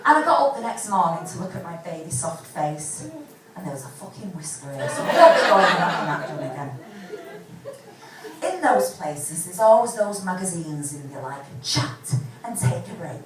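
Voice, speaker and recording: This stand-up comedian, an Englishwoman in her 40s, has a mid-range voice with big pitch swings and a normal pace. At a pub comedy night with a live audience, she swears liberally through a chatty set that pokes fun at herself, captured in a roomy, distant recording with background noise.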